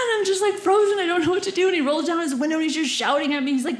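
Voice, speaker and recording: A woman's voice: very high voice, fast talker, hardly any pauses. A young woman telling a stand-up story in a giggly, bubbly way, acting out the voices of the people in it. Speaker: stand-up comedian. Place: comedy club stage. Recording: roomy club sound with audience.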